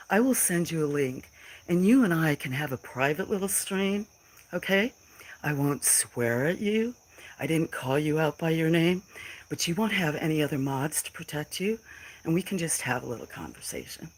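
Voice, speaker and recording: A woman's voice: fairly low pitch, low-quality recording. A middle-aged woman on a casual phone livestream, talking back to trolls in chat in a defiant, emotional way. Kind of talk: casual live stream talk to chat.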